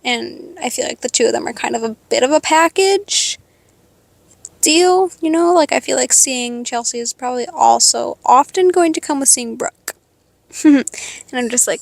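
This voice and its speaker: An eighteen-year-old woman venting to her followers in a profane, sarcastic rant, jumping between loud outbursts and quiet mutters. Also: high-pitched, creaky, no echo. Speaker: vlogger. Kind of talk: venting to camera.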